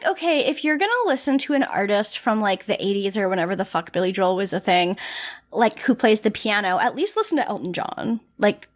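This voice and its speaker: A young woman co-hosting a podcast in casual chat, animated and sweary, with lots of "like" fillers. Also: medium pitch, fairly quick. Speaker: podcast co-host.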